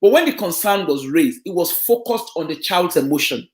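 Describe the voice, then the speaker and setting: Lively high-pitched man explaining to parents. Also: moderate pace. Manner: explanatory, checks in with listeners. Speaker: children and family social worker. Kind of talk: community talk on parenting. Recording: echoey room.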